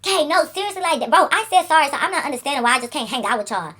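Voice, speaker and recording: A woman putting on a high, whiny, petulant girlfriend. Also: rapid-fire, fairly bright tone. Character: whiny defensive young woman friend, petulant.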